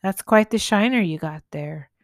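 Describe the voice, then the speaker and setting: A woman's voice: mid-range voice, moderate pace, no room sound, studio quality, natural voice. A woman voicing a friendly male farmhand with a put-on southern drawl, playful and kind in a storybook tale.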